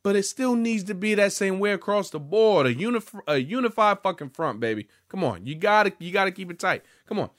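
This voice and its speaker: A man's voice: high-pitched, expressive, a little fast, few pauses. Profane, rambling young male vlogger. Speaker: gaming vlogger. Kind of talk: casual profane rant.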